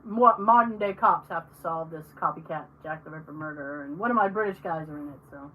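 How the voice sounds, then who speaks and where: In a noisy setting, a woman with a low voice speaks briskly as she hosts a podcast. She animatedly tells stories in casual conversation, performing the lines of her family members.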